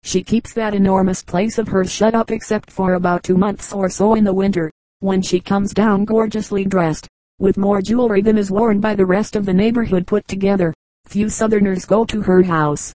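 Brief: woman reader doing a prim, gossipy young lady, disapproving tone, mellow and dry. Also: medium pitch, steady tone, normal speed, no echo, close to an everyday voice, poor audio. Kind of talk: audiobook character reading.

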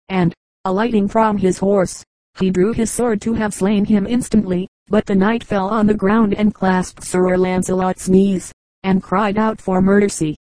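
Woman with a mellow reading voice. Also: mid-range voice, no echo, low-quality recording. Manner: measured storytelling. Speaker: audiobook narrator. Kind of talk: audiobook reading.

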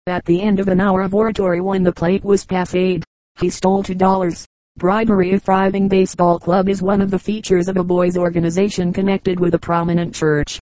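A woman reads short comic anecdotes in a low, mellow voice that stays quite flat in pitch. Her delivery is steady and even, and the recording is dry and close, with no room sound. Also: fairly quick, no room sound, low-quality recording. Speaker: audiobook reader. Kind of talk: scripted narration of short jokes.

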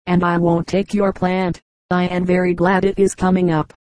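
A woman voicing a gentle, hopeful little girl in a storybook reading, pleading and soft-spoken. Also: lowish voice, flat delivery, normal speed, no room sound, close to an everyday voice.

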